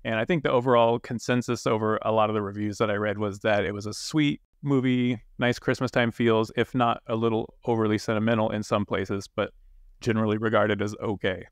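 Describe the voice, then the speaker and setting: A man co-hosting a casual podcast, relaxed and rambling with many fillers. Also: on the low side, brisk, dry recording, clean studio sound. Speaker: podcast co-host.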